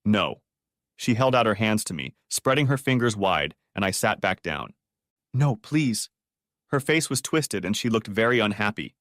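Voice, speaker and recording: A man narrating a first-person drama story for an audiobook in a dramatic, expressive way. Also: fairly low pitch, a little fast, few pauses, dry recording, clean studio sound.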